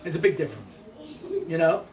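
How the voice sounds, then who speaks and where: A man giving a humorous talk as a rabbi, telling stories in an animated way with many "you know"s. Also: fairly high pitch, fairly quick, slight background noise. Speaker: rabbi, speaker. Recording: roomy hall recording from a distance.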